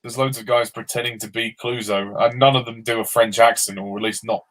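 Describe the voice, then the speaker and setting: A man's voice: mid-range voice, steady tone, brisk, a bit bright. A man co-reviewing films in a casual chat, adding dry, wry quips. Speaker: film reviewer. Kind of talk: casual film discussion.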